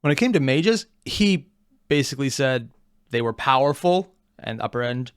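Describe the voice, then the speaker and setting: Guy rambling over a reaction vid, swears a lot, pitch all over the place, dry close mic. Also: expressive, moderate pace, smooth, no echo. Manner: rambling, self-interrupting, swearing. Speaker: reaction video host. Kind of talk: casual reaction commentary.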